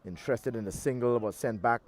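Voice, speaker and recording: A man giving live commentary on a local cricket match outdoors, in a loose, relaxed delivery with pauses and fillers. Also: medium pitch. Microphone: handheld mic through a loudspeaker.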